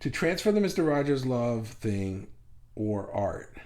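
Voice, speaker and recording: A man's voice: mid-range voice, very animated, a little slow, a little mellow. A man hosting a live stream, reading viewers' comments aloud and riffing on them in a rambling, self-mocking way. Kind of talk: casual live-stream chat.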